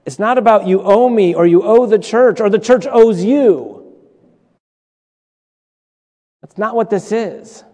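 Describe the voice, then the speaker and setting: A man's voice: high-pitched, expressive, takes it slowly, long pauses, warm tone. A male pastor preaching a sermon in a conversational, humorous way, repeating his points and making asides to the congregation. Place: church sanctuary. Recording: long church reverb.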